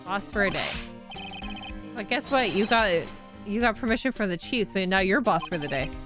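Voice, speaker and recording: A woman's voice: medium pitch, lively intonation, normal speed, close to an everyday voice. A woman reading out the lines of an eager, broke male police detective in a game, over game music. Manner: reads game dialogue aloud plainly.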